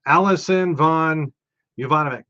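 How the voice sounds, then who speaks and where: A man's voice: on the high side, moderate pace, sharp tone. Dry-joking man on a radio panel. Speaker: sports director on radio. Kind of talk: casual on-air chat. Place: radio studio. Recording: slightly muffled studio audio.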